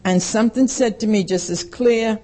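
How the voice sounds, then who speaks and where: A woman's voice: fairly high pitch, normal speed, warm tone. A woman, giving a blunt, plain-spoken personal testimony at a recovery meeting and acting out the voices of the people in her story. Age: 60s.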